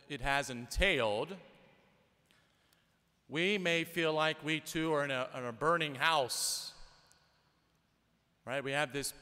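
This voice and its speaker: Priest guy giving a homily, chatty storytelling, bright clear voice, long echo like a big church. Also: on the high side. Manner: conversational, storytelling with rhetorical questions. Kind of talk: sermon.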